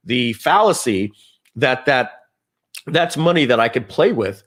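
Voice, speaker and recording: Chatty man giving a webinar. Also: medium pitch. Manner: chatty, animated, acts out quoted reactions. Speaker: software trainer. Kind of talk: live webinar training, storytelling asides.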